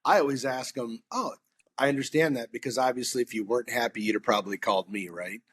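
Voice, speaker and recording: A man's voice: medium pitch, fast talker, breathy edge. A man on a sales podcast, talking casually and acting out both sides of customer conversations in his stories. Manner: animated storyteller acting out customer dialogue.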